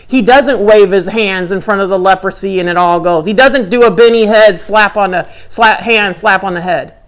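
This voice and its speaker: A woman giving a conversational Bible lecture, animated and acting out characters' inner dialogue. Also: medium pitch, moderate pace. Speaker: Bible teacher.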